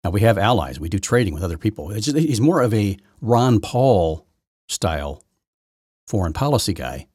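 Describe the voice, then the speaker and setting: A man's voice: lowish voice, very animated, moderate pace, a little mellow, husky, no echo, studio quality. A man hosting his own podcast, giving rambling, opinionated solo commentary full of restarts and repeated words. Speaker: podcast host.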